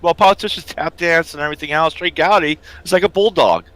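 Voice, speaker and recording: A man's voice: on the high side, quick pace, fairly bright tone. A man co-hosting a casual chat, throwing in blunt wisecracks.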